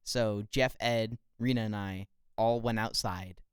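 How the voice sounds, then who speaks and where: Young woman co-host; very low, smooth, dry; relaxed, rambling storyteller. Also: a little slow, no room sound. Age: young adult. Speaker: podcast co-host. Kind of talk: casual chat.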